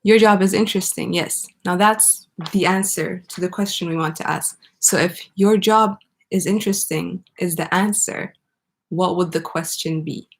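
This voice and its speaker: Husky woman teaching English grammar. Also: lowish voice, steady tone. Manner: patient, explaining step by step, pausing for student answers. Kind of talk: online English grammar lesson.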